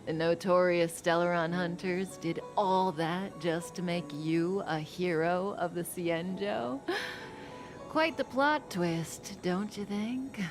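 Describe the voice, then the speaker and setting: An actress playing a calm, enigmatic woman who speaks of the future in a measured, knowing way, sometimes dropping to a whisper, in a game cutscene. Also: lowish voice, over music. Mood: cryptic calm. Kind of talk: video game cutscene dialogue.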